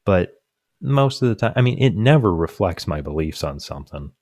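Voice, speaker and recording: A young man on a podcast, a co-host, sounds very animated in a low, slightly mellow voice at normal speed. His casual chat is rambling, packed with fillers and restarts, and he often laughs at his own punchlines. Clean studio sound, no echo.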